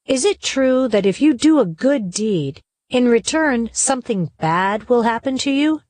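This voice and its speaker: A woman's voice: a little high, expressive, unhurried, a little mellow, dry recording. A woman voicing a weary, hardworking male donkey who complains resignedly, in a storybook play.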